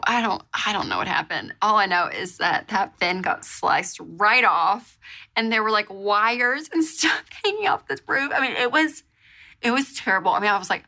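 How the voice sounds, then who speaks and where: A woman hosts her show, chatting through a story in an animated, filler-heavy way. Her voice sits at an ordinary pitch for a woman but carries a bright, forward edge. She sounds relaxed and talkative. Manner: animated, chatty, lots of fillers and repeated exclamations. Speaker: show host. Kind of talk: casual storytelling monologue.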